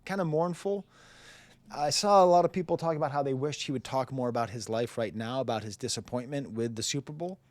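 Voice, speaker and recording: A man's voice: medium pitch, fairly quick, dry recording. Blunt, sarcastic male music reviewer. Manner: blunt, sarcastic, laughs often. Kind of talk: casual commentary.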